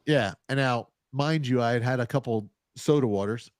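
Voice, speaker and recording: A man's voice: mid-range voice, normal speed, no room sound, clean studio sound. Man in his fifties telling a rambling story. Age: 50s. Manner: rambling, animated anecdote telling with chuckles. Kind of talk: casual storytelling.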